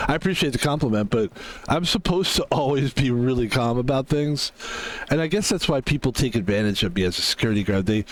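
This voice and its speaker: A man chatting casually to his viewers while gaming on stream, rambling, mocking himself and swearing freely. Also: medium pitch.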